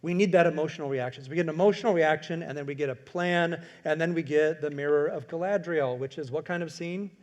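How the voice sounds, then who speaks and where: Male speaker, slightly high pitch, energetic workshop lecture with acted-out quotes. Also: fast talker, few pauses. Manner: animated, acts out quoted lines, asks the audience questions. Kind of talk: lecture to an audience.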